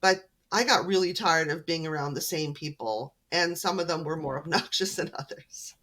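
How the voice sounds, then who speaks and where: A woman's voice: sits low, normal speed, a bit bright. A woman from Canada, an author guest on a podcast, telling stories in a friendly, chatty way. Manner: friendly, storytelling. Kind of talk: casual interview chat.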